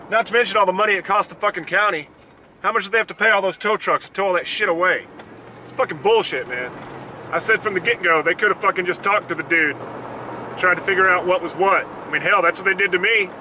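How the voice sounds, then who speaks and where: A man's voice: sits high, a little fast, background noise. A man ranting bluntly and profanely in a casual vlog, recorded outdoors in a rural yard. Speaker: vlogger.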